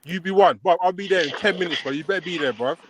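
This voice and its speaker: A man's voice: high voice, quick pace, crowd noise. A man on an online call, making threats in heated trash talk and tacking "blood" and "bruv" onto his lines.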